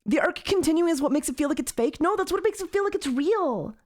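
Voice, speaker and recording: A woman with a fairly high voice reacts casually as a stream co-host. She rambles with plenty of fillers and keeps sounding incredulous. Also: expressive, fast, a little mellow.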